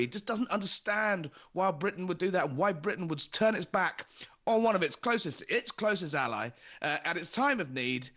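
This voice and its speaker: A male political journalist with a fairly high voice talks briskly and emphatically. He relays quotes in an energetic news-talk style, pressing each point home. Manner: brisk, emphatic, quoting his interview. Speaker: political journalist and show host.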